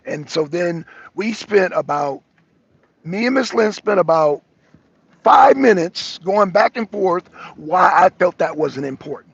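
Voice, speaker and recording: A man with a high, husky voice and a gravelly edge talks in a loose, animated way, spinning a street-wise story for his co-hosts. He calls in on the move from outdoors, and the sound is dry and dull, like lo-fi phone audio. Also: measured pace, dry recording. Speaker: show co-host. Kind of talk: casual live-show chat. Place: walking outdoors, arriving somewhere.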